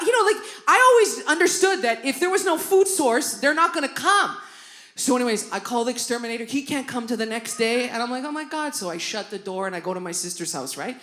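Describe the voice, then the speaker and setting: A middle-aged woman doing stand-up in a theatre, her bright, forceful voice swinging up into loud high-pitched bursts as she tells her stories. The sound is roomy, with a faint hiss behind her. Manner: animated storytelling, jumping into loud high-pitched outbursts. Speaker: stand-up comedian. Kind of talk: stand-up comedy set. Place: theatre stage before a live audience.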